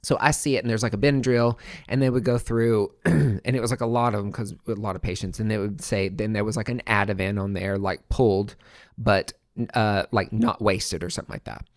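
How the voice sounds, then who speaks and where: A young adult man hosting a podcast tells a personal story casually, swearing freely and swinging between hushed and excited tones. His voice is fairly low and brisk, recorded cleanly in a studio with no room sound.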